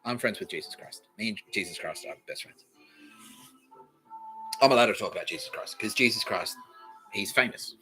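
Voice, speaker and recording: A man's voice: lowish voice, moderate pace, pauses often, sharp tone, soft background music, low-quality recording. A man with an Australian accent hosting a comedy podcast, rambling through a crude, swearing, giggly monologue. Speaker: podcast host.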